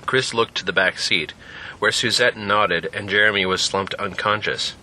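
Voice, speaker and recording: A man narrating a scripted story in an expressive, lively way. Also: lowish voice, normal speed. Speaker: narrator and podcast host.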